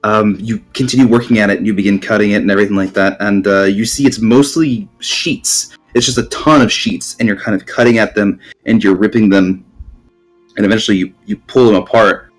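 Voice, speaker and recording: A man's voice: on the low side, steady tone, fairly quick, soft background music. A man narrating as game master in a tabletop game, rambling with many ums and restarts.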